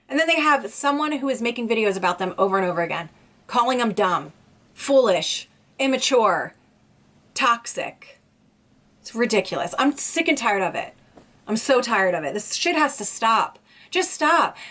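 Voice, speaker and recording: A woman delivers an indignant, emphatic vlog rant, circling back and repeating herself to drive each point home. Her voice sits a little high for a woman. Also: a bit bright. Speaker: YouTube vlogger. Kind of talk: ranting commentary vlog.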